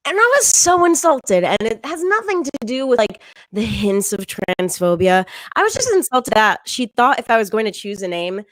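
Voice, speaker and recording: A young adult woman-voiced comedian doing a stand-up set from home in a deadpan tone, with frequent ums and little laughs. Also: fairly high pitch, normal speed, no echo, poor audio. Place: home, virtual show.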